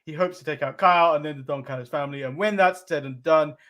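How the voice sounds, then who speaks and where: Um homem, co-apresentador de podcast, em conversa descontraída, rindo muito e resumindo os acontecimentos. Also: male voice, fairly high pitch, fast talker, a bit bright. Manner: giggly, recaps plainly. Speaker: podcast co-host. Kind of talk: casual chat.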